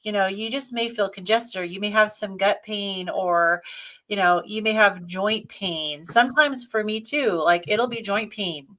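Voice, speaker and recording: A woman's voice: mid-range voice, measured pace, a bit bright. A woman co-hosting a live Q&A, explaining practical advice step by step in a casual, conversational way. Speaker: co-host. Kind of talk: live Q&A chat.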